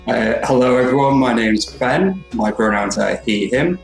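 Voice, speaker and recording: A man introducing himself as a player in a tabletop game, loud and joking dryly. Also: medium pitch, lively intonation, moderate pace, creaky, soft background music. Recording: roomy echo.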